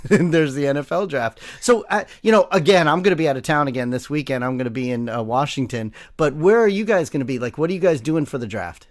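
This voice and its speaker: A man's voice: a little high, animated, fast talker. Giggly upbeat podcast host, man. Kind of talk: casual podcast chat.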